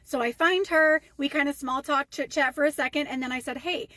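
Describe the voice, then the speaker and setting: A woman's voice: high voice, fairly quick, sharp tone, no room sound. A young woman telling a casual storytime rant to her followers, chatty and indignant. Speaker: storytime vlogger.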